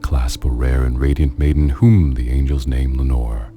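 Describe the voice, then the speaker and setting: A man's voice: a bass voice, little pitch movement, normal speed, warm tone. A man giving a theatrical, brooding dramatic reading of a poem. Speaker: narrator. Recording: clip with faint music behind. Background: faint music.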